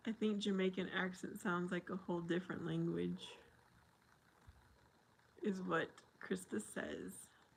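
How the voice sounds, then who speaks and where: A woman's voice: fairly low pitch, fairly even intonation, a little slow, vocal fry, pauses often, a little hiss or hum, rough recording. A middle-aged woman hosting a casual livestream, chatting with viewers and laughing often. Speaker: livestream host.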